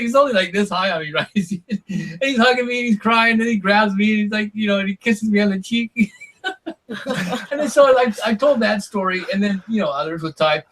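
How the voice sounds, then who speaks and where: A former reality show contestant appears as an interview guest, telling drawn-out stories casually and filling them with "like" and "you know." His voice is high and a bit bright, he talks a little fast, and the recording quality is low.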